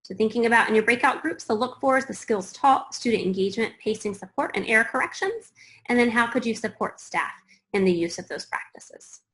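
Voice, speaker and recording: A woman's voice: on the high side, expressive, a little fast, a bit bright, rough recording. A woman presenting an online webinar for school leaders, talking conversationally and thinking aloud with fillers.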